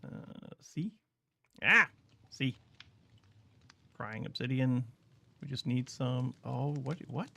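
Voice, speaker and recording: A man's voice: mid-range voice, takes it slowly, gravelly, pauses often, pushed and bright, husky. A man streaming a game, chatting casually with his viewers while he thinks aloud about what he is doing. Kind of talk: casual gameplay commentary.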